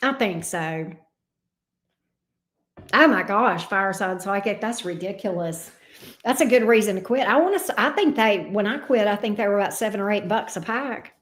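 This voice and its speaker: Speaking at a normal speed with lively intonation and medium pitch, this fifty-something tarot reader chats casually with her livestream viewers as she reads their comments. She laughs easily and doesn't hold back on bluntness or swearing.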